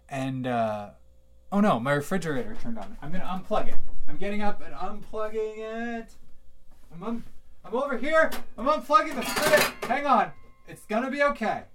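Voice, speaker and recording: A man hosting a solo podcast from home, chatting in a rambling, digressive way with many fillers and bursts of enthusiasm. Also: medium pitch. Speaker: podcast host. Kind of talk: casual solo podcast monologue. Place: at home near a fridge.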